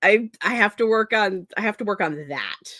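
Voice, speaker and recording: A young woman, clearly short on sleep, rambles and laughs often while chatting with viewers on her productivity live stream, scattered and self-deprecating. Her medium-pitched voice is expressive and sharp, at a moderate pace, with clean studio sound and no room noise.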